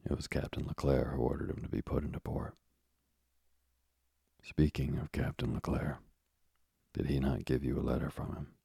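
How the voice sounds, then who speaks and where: A man reading the part of a kindly, fatherly middle-aged ship owner in a calm storybook voice. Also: extremely low pitch, moderate pace, creaky, long pauses, husky, dry recording, clean studio sound, full character voice. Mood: questioning.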